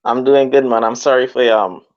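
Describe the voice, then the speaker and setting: A man on a call in a casual chat, speaking haltingly in a consoling way. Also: mid-range voice, fairly even intonation, lo-fi sound. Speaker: caller.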